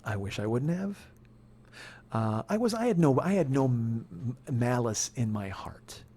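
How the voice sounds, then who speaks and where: A man's voice: medium pitch, big pitch swings, a little slow, mellow, husky. A man telling a comedic story as a podcast host, profane and building into exasperated ranting.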